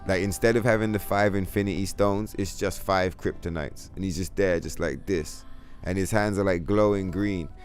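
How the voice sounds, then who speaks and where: Male streamer host, very deep voice, rambling, profane chat. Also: normal speed, soft background music. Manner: profane, rambling, animated storytelling. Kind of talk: casual livestream chat.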